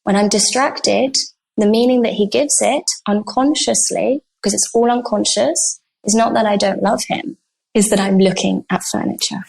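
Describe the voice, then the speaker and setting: A woman with a gravelly, slightly husky voice shares a personal story as a podcast guest. She talks earnestly and with animation, slipping into the voices of the people in her story. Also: medium pitch, normal speed. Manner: earnest, animated, acts out quoted dialogue. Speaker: guest coach on healing. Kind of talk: conversational storytelling.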